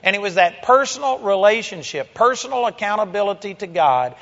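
A male preacher with a high voice delivers a sermon, swinging from hushed passages to loud, driving exhortations. The recording is dull and muffled, with a long echo trailing off the walls of a large church. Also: animated, fairly quick, gravelly. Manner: forceful, emphatic preaching with sudden loud exhortations.

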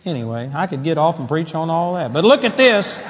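A man preaching a sermon in a church hall, animated, moving from loud exclamations to quiet asides. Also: a little high, a little fast. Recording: long hall reverb.

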